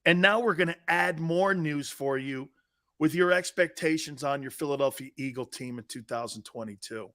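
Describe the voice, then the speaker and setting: A middle-aged man hosting a sports talk show in casual chat, laughing often and breaking into loud outbursts. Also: a little high, moderate pace, no echo, clean studio sound.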